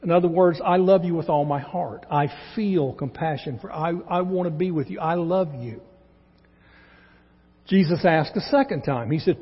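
A man's voice: fairly high pitch, expressive, normal speed, slightly rough. A man with a Texan accent, a pastor preaching a conversational teaching sermon in a church. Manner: conversational teaching, acts out quoted dialogue. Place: church sanctuary. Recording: dull, echoey church recording.

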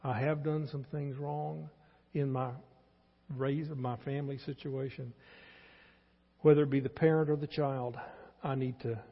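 Here a sixty-something Texan pastor preaches a bit slowly, his medium-pitched voice fairly flat and marked by vocal fry, as he earnestly pleads and restates his central points. The sanctuary recording sounds dull and lo-fi, with a long reverb tail.

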